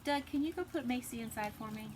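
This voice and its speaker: A woman teaching a phonics lesson to preschoolers, sounding out letters slowly and deliberately, recorded at home. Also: a little high. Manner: slow, deliberate, sounds out letters for little kids. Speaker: pre-K teacher. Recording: noisy home video recording.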